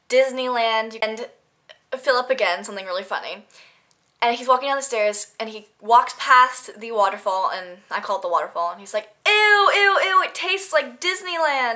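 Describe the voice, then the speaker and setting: Bright and forceful at a medium pitch, this teenage girl's voice carries a casual, unscripted vlog. She chats to the camera, rambling through funny stories and giggling here and there.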